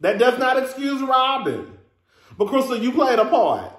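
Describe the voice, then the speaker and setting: Man, high voice, sassy chatty vlog host, echoey room. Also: big pitch swings, measured pace. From Texas. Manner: sassy and chatty, calls listeners "girl", laughs often. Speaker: reality TV reviewer, host. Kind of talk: casual review vlog.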